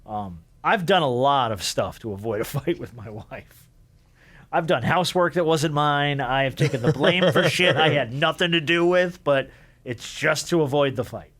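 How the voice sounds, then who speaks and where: A man co-hosting a podcast whose voice sits somewhat high. He chats casually, telling stories with quick jokes and wry asides. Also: a bit bright. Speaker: podcast co-host. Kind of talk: casual chat.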